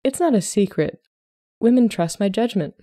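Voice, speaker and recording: A woman reading a story aloud, voicing a flustered young lady at a ball who answers quickly and defensively. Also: fairly low pitch, mellow, natural voice.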